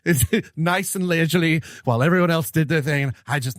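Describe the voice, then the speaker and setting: A man's voice: fairly high pitch, a little fast, fairly bright tone, dry recording, studio quality. A man co-hosting a podcast, telling stories in a rambling way with many fillers, laughing as he goes. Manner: laughs while retelling stories. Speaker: podcast co-host. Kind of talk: casual chat.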